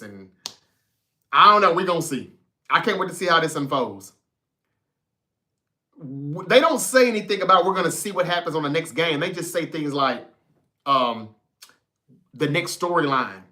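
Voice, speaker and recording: A man riffing on football as he reads out his viewers' comments, swearing freely and talking right at his chat. His voice sits a little high and sounds bright and cutting. It is loose, animated livestream talk, never scripted. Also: normal speed, pauses often. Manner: profane, animated, talks straight to the chat. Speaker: sports talk show host.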